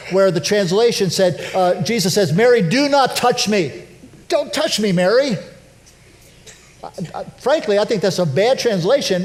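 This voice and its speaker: A man with a notably high voice preaching a sermon in a church sanctuary. He talks in a conversational, animated way and pokes fun at himself. His pitch swings up sharply when he acts out a scene. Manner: conversational, animated preaching with self-deprecating humor. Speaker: pastor.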